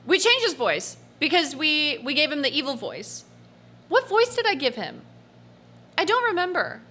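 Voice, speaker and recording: A young woman streamer commentating casually on a game, animated and giggly, swearing now and then. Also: sits high, moderate pace. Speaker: gaming streamer. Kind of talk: casual let's-play commentary.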